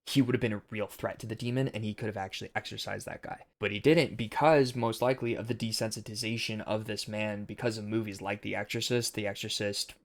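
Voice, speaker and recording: Gravelly low-voiced young man. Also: fairly even intonation, fast, hardly any pauses. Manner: earnest, preachy, rambling. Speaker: film commentary host. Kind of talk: casual commentary monologue.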